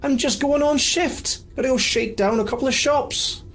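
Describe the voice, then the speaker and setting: A man voicing a surly male thug guard with a West Country accent, gruff and dismissive. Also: extremely high pitch, moderate pace, a bit bright, faint music behind, voice pushed up, full character voice.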